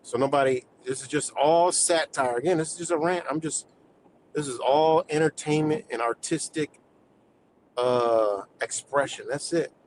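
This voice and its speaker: A man's voice: fairly high pitch, normal speed, slight background noise, rough recording. Heated, swearing man ranting on a livestream. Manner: heated, swearing, streetwise slang, laughs between points. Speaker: livestream host. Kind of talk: profane political rant.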